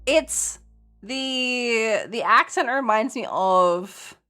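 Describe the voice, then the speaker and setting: A woman's voice: fairly high pitch, drawn-out words, pushed and bright, faint music behind. A woman streamer chatting and reacting live, with giggly, rambling banter. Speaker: streamer host.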